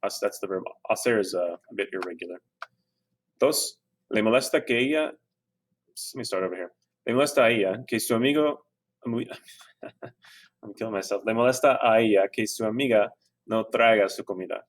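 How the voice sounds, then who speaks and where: A man teaching a Spanish grammar lesson in a relaxed, conversational way, with fillers and self-corrections. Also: lowish voice, brisk. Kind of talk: screen-recorded grammar lesson.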